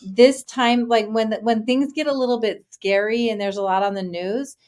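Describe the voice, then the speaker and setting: A woman's voice: a little high, steady tone, moderate pace, a little mellow. A woman loan officer co-hosting a casual live-stream chat, who explains things plainly and easily with many likes.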